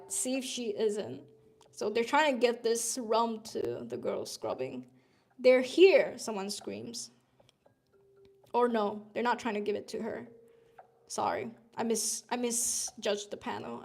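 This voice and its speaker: A woman streamer, a little sick, chatting and swearing casually as she reads through webtoon contest entries out loud. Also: fairly high pitch, expressive, a little slow, creaky. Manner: chatty, swears freely, thinks aloud while reading panels. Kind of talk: casual live-stream commentary.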